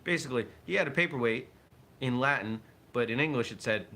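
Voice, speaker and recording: A man's voice: mid-range voice, fairly quick, pushed and bright, a little hiss or hum. A man hosting a live morning show, talking in a reflective, think-aloud way. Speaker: host of a martial arts morning show. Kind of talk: casual morning livestream talk.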